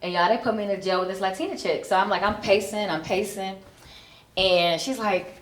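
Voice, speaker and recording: A woman's voice: medium pitch, a little fast. A woman in her forties from Chicago doing stand-up, chatty and self-mocking with many ums. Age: 40s. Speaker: stand-up comedian. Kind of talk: stand-up comedy. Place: comedy club on stage. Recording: echoey club room.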